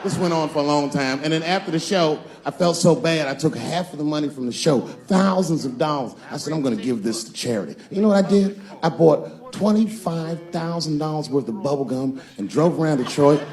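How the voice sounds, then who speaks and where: A man doing stand-up comedy, telling a story with lively, acted-out quotes. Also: a little high, brisk, few pauses.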